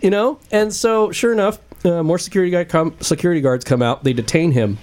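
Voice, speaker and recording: A man in a lively group podcast chat, telling a story with energy and swearing freely. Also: a little high, quick pace, hardly any pauses. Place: room with several people.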